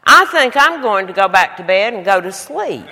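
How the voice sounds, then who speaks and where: A woman preacher voicing her calm, matter-of-fact husband who wants to go back to sleep. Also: medium pitch, moderate pace, a little hiss or hum. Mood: deadpan. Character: calm, unbothered middle-aged husband. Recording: long hall reverb.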